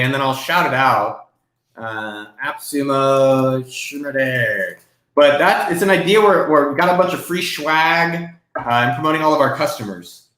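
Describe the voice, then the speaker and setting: A man hosts a live question-and-answer stream from his home desk. He talks in a loose, excitable way and swears now and then. His voice sits fairly high, and the room adds a noticeable echo. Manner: casual, excitable, profane. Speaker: host.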